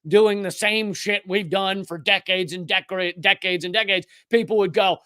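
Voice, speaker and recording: Sarcastic high-voiced male commentary host. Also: fairly even intonation, bright, forceful tone, clean tone, no room sound. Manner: sarcastic, rapid-fire, with frequent restarts. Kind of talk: live news commentary monologue.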